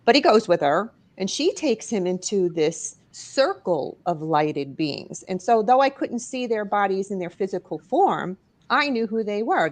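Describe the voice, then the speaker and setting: A guest author and paranormal investigator from New York, a middle-aged woman, recounts an emotional personal story in a studio. Her voice is on the low side, and she tells it expressively, letting it rise and fall.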